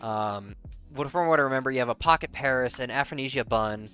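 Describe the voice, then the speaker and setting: A man's voice: mid-range voice, a little fast, bright, forceful tone. A man telling a rambling, casual recap, full of fillers, restarts and laughter. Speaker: content creator. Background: faint background music.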